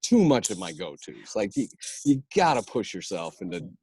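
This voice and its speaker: Lively middle-aged improv teacher, low voice. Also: male voice, moderate pace, slightly rough, no room sound. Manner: animated, laughs often, slips into voices. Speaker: improv instructor, guest. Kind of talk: casual podcast interview.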